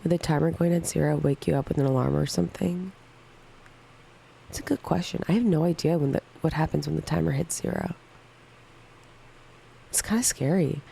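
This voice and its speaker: A woman's voice: sits low, a little fast, vocal fry, pauses often, dark tone, a little hiss or hum, poor audio. A woman in her thirties chatting casually on a livestream, candidly answering viewer questions one by one. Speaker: livestream co-host.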